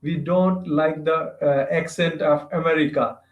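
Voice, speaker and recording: A man chats as an English learner, pausing to hunt for words and using halting, phrasing. His voice sits a little high for a man. The video call sounds roomy and muffled, as if picked up in a bare room through a lo-fi line. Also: steady tone. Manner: searches for words, halting non-native phrasing. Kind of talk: casual practice conversation.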